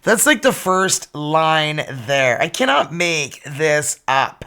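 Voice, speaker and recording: A man reads tarot in a chatty, teasing way. His voice sits a little high with a bright, sharp edge and a gravelly fry underneath. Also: very animated, slow pace. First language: French. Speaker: tarot reader. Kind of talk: casual tarot reading.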